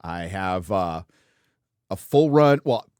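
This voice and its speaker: A man's voice: low-pitched, lively intonation, slow, darkish tone, clear, resonant tone, dry recording, studio quality. A man in his fifties from Southern California, hosting a casual livestream chat in a loose, joking, crude manner, often trailing into filler words. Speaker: host.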